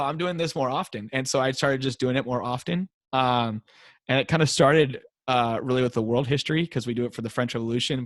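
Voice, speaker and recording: An American man, a high school teacher, telling classroom stories in a casual interview and acting out the kids' voices. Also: no room sound. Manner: animated storyteller, acts out kids chanting. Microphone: wearing a mic.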